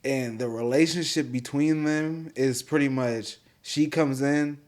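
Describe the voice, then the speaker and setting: A man chatting casually on a podcast, retelling a story in a loose, slangy way. His voice sits at an ordinary middle pitch and he leans on fillers as he goes. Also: steady tone, unhurried, darkish tone. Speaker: podcast co-host. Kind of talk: casual chat.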